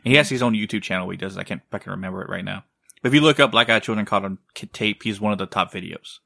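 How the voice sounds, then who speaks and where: A man co-hosting a podcast tells a story in a loose, rambling way. He swears freely and keeps tagging his sentences with "right?" His voice is bright and recorded dry and close. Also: lowish voice, racing, gravelly, dry recording. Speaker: podcast co-host. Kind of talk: casual storytelling.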